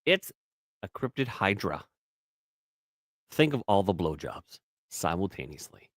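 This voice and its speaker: Man, 30s, podcast co-host; loose, swearing, stop-start rambler, lively pitch. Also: a little slow, no echo, studio quality. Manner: rambling, profane, restarts words often. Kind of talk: casual podcast banter.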